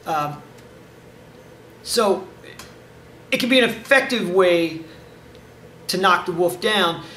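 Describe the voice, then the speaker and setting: A male karate instructor talks through self-defense advice in a direct, coaching way, checking in with his listeners as he goes. His voice sits a little high and sounds bright and forceful. He is recorded from some distance in a roomy, echoey space. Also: a little hiss or hum. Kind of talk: casual instructional talk. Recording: echoey room, mic at a distance.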